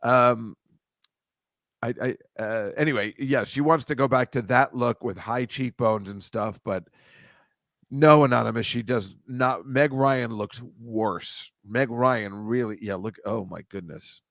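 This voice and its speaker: A man's voice: medium pitch, unhurried, gravelly, a bit bright, no room sound, clean studio sound. A man hosting a casual comedy chat show, rambling and self-deprecating, stammering and restarting as he goes. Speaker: host.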